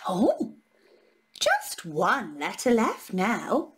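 A woman's voice: very high-pitched, wildly swooping pitch, very slow, long pauses, a little hiss or hum. A woman reading a picture book aloud to young children, playful and full of gasps and sing-song counting. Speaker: children's storyteller.

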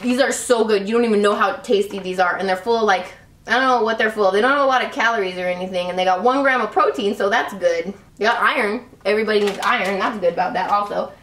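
A woman's voice: mid-range voice, fast talker, a bit bright, far from the mic. Gushing, chatty woman in a roomy space. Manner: gushing, chatty, full of "like" and "love". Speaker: beauty vlogger. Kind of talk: casual product review chat. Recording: roomy, a little off-mic.

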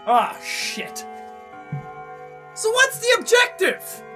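Male gaming host, horror playthrough: high, bright voice, jumpy and profane, slightly distant mic. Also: huge pitch swings, very slow, faint music behind. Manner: jumpy, swearing, shouting when scared. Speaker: gamer playing a horror game. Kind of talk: let's play commentary.

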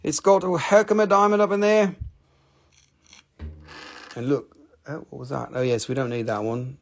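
A man's voice: medium pitch, steady tone, normal speed. A man hosting a live stream selling stones, joking and teasing his viewers as he calls out prices, with slightly broken phrasing. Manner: joking, teasing banter while calling prices. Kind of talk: live sales stream chat.

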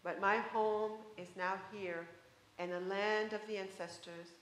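A woman voicing the calm, accepting spirit of a dead father, speaking in a measured way. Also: mid-range voice, reverberant, a little hiss or hum, natural voice, poor audio.

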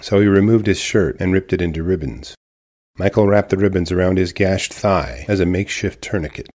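Deep-voiced male storyteller. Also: a little mellow. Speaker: narrator. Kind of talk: scripted true-story narration.

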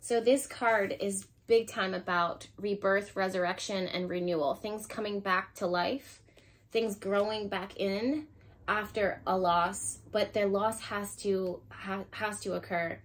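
A woman giving an intuitive pick-a-card tarot reading, speaking emotionally and thinking aloud as she turns cards, with sudden bursts of excitement. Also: medium pitch, unhurried.

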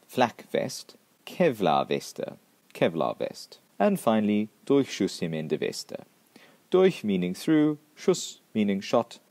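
Wry low-voiced man teaching. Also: darkish tone, dry recording. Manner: dry, wry, mock-pedantic. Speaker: presenter. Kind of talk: scripted comic lesson.

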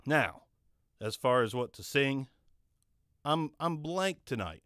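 A man's voice: mid-range voice, sing-song, a little slow, fairly bright tone, no echo, studio quality. Joking, rambling man reviewing a mic. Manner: rambling, jokey, self-mocking. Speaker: microphone reviewer and channel host. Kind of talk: casual gear review talk. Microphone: condenser studio microphone.

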